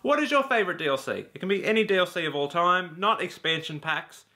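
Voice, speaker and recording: A man's voice: high-pitched, animated, quick pace, bright, forceful tone. A man ranting casually to camera about video games, blunt and exasperated, swearing freely. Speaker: YouTube games vlogger.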